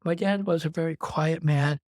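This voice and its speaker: A man's voice: fairly high pitch, fairly even intonation, moderate pace, darkish tone, no echo. A man from Wisconsin telling his personal story as an interview guest, in a rambling, conversational way that strings clauses together with "and". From Wisconsin, USA.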